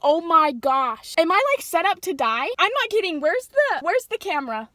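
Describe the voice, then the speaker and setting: A woman's voice: very high-pitched, big pitch swings, moderate pace, noisy background. A woman vlogger retelling a story in a casual, rambling way, full of fillers and emphatic asides, recorded on a phone. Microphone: phone camera.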